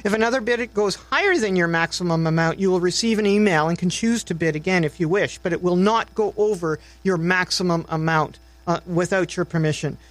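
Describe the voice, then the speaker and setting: A man co-hosting a radio show, agreeing readily with his partner and clearly explaining how things work. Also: sits high, a little fast, hardly any pauses, low-quality recording. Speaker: radio co-host. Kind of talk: casual on-air radio chat.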